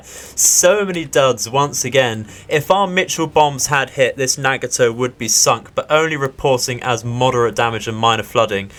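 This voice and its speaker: A man's voice: mid-range voice, fairly bright tone. A man talks through a naval strategy game as its let's play host. His commentary is polite and upbeat, and he calls out each move as he makes it. He laughs off the setbacks with mild exasperation. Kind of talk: gameplay commentary.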